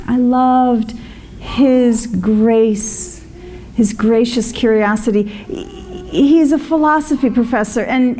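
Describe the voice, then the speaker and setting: A woman's voice: sits high, darkish tone, a little hiss or hum. A woman minister giving a conversational sermon, with fillers and asides to the congregation. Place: congregation hall.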